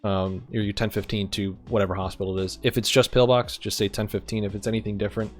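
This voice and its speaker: A man in a roleplay game, playing a police sergeant who explains arrest procedure to recruits in a steady, methodical way with frequent ums. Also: on the low side, fast, soft background music. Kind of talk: instructional roleplay briefing.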